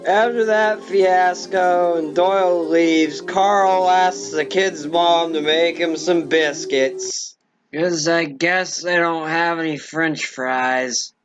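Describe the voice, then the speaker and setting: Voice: medium pitch, fairly even intonation, slow. A drunk film reviewer rambling through a profane comic plot recap. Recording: dull lo-fi with faint music.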